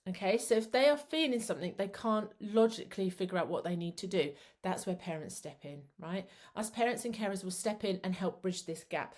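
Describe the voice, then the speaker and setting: A middle-aged woman talks parents through an idea in a loose, chatty way, circling back and repeating herself as she goes. She sounds like a therapist at ease with her audience, speaking at an ordinary pitch for a woman. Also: lively intonation, a little fast, few pauses, a little mellow. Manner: chatty, rambling, self-described waffler. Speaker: psychotherapist and parenting coach. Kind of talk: casual teaching talk.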